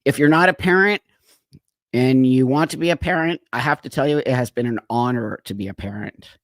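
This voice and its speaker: A man's voice: mid-range voice, a little fast, dry recording, clean studio sound. A middle-aged man hosting a live stream, talking earnestly and emphatically, his voice cracking with emotion.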